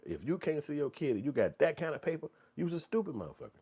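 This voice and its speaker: A man's voice: fairly high pitch, racing, breathy edge. A man hosting a commentary show, ranting bluntly and profanely and mocking people in put-on voices. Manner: blunt, animated, swings into mocking quoted voices.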